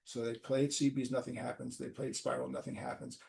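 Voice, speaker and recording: An older man from New York, the host, telling stories in a casual, animated way, swearing freely and acting out the people he quotes. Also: medium pitch, quick pace, vocal fry. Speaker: podcast host. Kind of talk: casual storytelling. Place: apartment.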